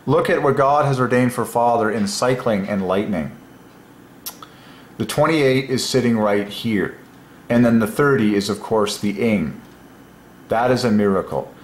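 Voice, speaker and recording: A man presenting word-number puzzles on his own, thinking aloud with growing excitement and chuckling between points. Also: medium pitch, roomy sound, a little hiss or hum.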